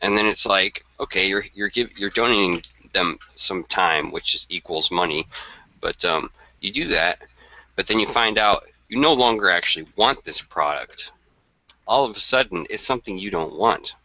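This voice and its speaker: Deep, bright-toned man, muffled. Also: expressive, moderate pace, dry recording. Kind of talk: casual chat. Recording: muffled lo-fi audio.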